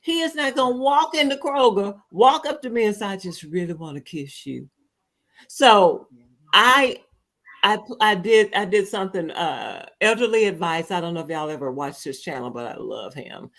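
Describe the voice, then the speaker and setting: Animated woman telling stories. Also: mid-range voice, moderate pace. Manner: animated storyteller, acts out quotes. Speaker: podcast host. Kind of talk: casual chat.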